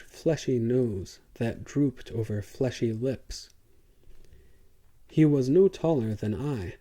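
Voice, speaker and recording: Male narrator, audiobook reading, very slow, dark mellow voice. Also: mid-range voice. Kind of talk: scripted narration.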